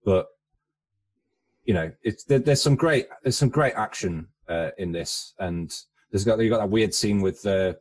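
A man co-hosting a podcast, chatting casually about a film, often stumbling and repeating words as he gets going. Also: fairly low pitch. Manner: halting, stammers over repeated words. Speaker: podcast co-host.

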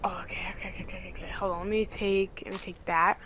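A woman chatting casually while playing a game with a friend, swearing and teasing, with sudden loud outbursts. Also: medium pitch, little pitch movement, rapid-fire, creaky, a little hiss or hum, low-quality recording. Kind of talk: casual gaming chat.

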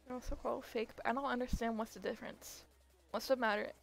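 A woman's voice: on the high side, steady tone, quick pace, gravelly, soft background music. A young woman streaming a game live, chatting casually with viewers, giggling and stumbling over her words. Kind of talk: casual live-stream chat while gaming.

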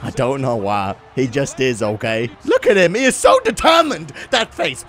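A young man giving excitable, laughing commentary while playing a wrestling video game. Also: medium pitch, moderate pace, a little hiss or hum. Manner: loud, laughing, swings between shouts and mumbles. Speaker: gaming YouTuber.

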